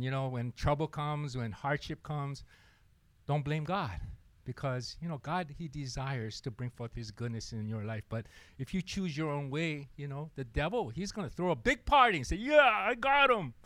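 Give me a man preaching a lively sermon in a dry, close-miked sound. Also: mid-range voice, normal speed, dry recording. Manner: animated storytelling, acting out the people in it. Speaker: pastor.

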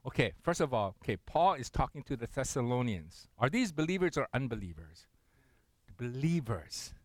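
A man's voice: medium pitch, big pitch swings, moderate pace, no room sound. A middle-aged man preaching a sermon as pastor, talking in a loose, conversational way full of fillers and repeated words.

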